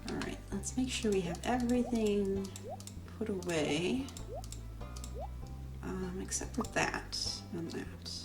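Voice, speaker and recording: A woman's voice: mid-range voice, takes it slowly, long pauses. A woman hosting a let's play, chatting casually and explaining as she plays. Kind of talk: casual gameplay commentary. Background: game music.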